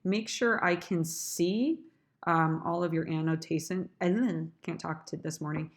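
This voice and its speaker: Woman drama teacher walking students through her rehearsal prep; lowish voice, slow and easygoing. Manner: talks through her own sonnet rehearsal, trying lines aloud; chatty, addresses students directly. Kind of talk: screen-recorded lesson.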